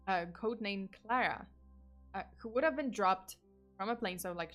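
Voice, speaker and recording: Woman, true crime streamer, casual rambling storytelling, mid-pitched voice, soft music behind. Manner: chatty, rambling with fillers and restarts, swears.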